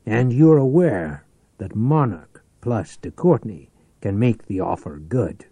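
A man voicing a ruthless, scheming rich businessman who talks forcefully and persuasively. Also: on the low side, lively intonation, takes it slowly, slightly rough, no room sound, full character voice.

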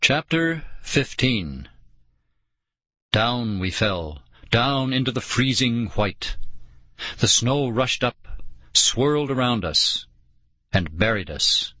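A man narrating an audiobook in a slow, dramatic storytelling manner. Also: medium pitch, big pitch swings, bright, forceful tone, no echo.

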